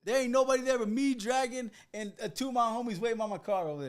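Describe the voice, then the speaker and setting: High-voiced streetwise man telling stories. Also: quick pace. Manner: animated, profane, streetwise, full of fillers like "you know what I'm saying". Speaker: podcast guest. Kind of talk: casual storytelling.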